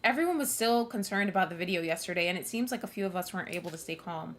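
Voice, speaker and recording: A woman's voice: fairly low pitch, lively intonation, fast. A woman streamer reading a visual novel aloud, cutting in with blunt, swearing asides.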